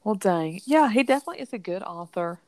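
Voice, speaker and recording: A woman's voice: mid-range voice, expressive, fast, a little mellow, no room sound. A woman from Southern Georgia chatting casually about a book, rambling and filling with "like". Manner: rambling, heavy use of "like".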